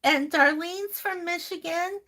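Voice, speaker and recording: A woman's voice: very high voice, measured pace, sharp tone. A woman hosting a crafting live stream, chatting casually and fondly calling viewers honey and sweetheart, laughing often. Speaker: crafting channel host. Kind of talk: live-stream chat, reading viewer comments.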